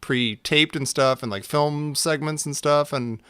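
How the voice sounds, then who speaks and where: Man, podcast co-host, chatty, mid pitch, dry close sound. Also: a little slow, fairly bright tone, clean tone, no echo. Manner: chatty, with many "like"s. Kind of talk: casual chat.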